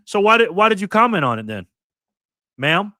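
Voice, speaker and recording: A man's voice: high voice, sing-song, normal speed, bright, forceful tone, dry recording, studio quality. A man in his fifties from New York State, hosting a live political commentary stream and ranting angrily with lots of profanity. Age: 50s. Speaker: livestream host.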